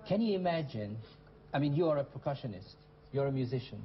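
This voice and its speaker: A man's voice: medium pitch, expressive, fast. Male TV English teacher, encouraging, echoes student answers, dull lo-fi studio sound with faint hum. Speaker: English teacher and show host. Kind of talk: classroom teaching. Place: TV studio classroom.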